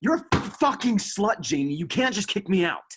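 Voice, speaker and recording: A woman's voice: mid-range voice, big pitch swings, moderate pace, noisy background, lightly acted. A woman playing a controlling, volatile young man who lashes out angrily in a stage play. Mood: furious. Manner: angry, manipulative, swearing.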